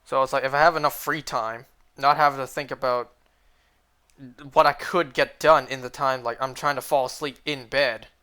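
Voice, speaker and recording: A man's voice: mid-range voice, steady tone, normal speed, pushed and bright, clean tone. A man streaming a shiny hunt, chatting casually to his viewers in a rambling way full of "like"s. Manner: rambling, filler-heavy talk with many "like"s. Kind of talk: casual livestream chat while shiny hunting.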